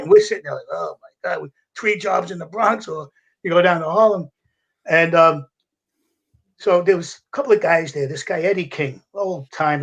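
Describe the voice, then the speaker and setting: Older New man telling war stories. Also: high voice. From United States. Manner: animated storyteller with a gruff, salty edge, acting out voices and laughing. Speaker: podcast guest, retired fire captain. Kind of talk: casual storytelling.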